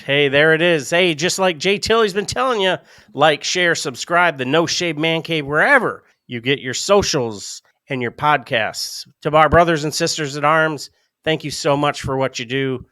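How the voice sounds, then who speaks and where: A man co-hosting a podcast, telling a story in a casual, animated way, laughing often. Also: fairly high pitch, normal speed, no room sound. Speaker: podcast co-host. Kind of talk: casual chat.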